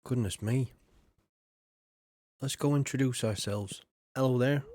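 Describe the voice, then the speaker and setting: A man rambling through casual live-stream commentary on a game, chatty and often clearing his throat. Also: mid-range voice, measured pace, long pauses, mellow, no echo, studio quality.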